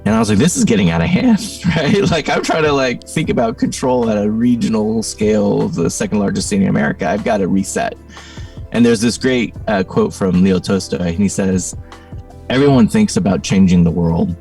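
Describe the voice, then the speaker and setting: A man's voice: on the low side, expressive, normal speed, vocal fry, darkish tone, recorded from a distance, soft background music. A middle-aged man, a podcast guest, telling a reflective story in a thoughtful, conversational way, full of "you know" and "like.".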